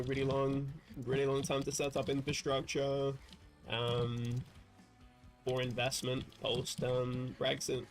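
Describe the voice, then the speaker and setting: A man chatting casually while playing a video game on a livestream, rambling and correcting himself with wry asides. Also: medium pitch. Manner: rambling, self-interrupting, wry. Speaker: streamer.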